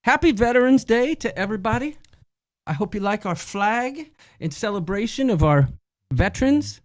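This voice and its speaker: A man's voice: high-pitched, animated, moderate pace. A man co-hosting a casual live-stream chat in a jokey, chatty way. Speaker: co-host.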